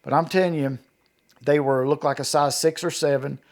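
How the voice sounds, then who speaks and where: Speaking at a moderate pace, a middle-aged Kentuckian with a fairly high, steady voice recounts events as an eyewitness in an interview. His telling is folksy and countrified, with quoted lines acted out.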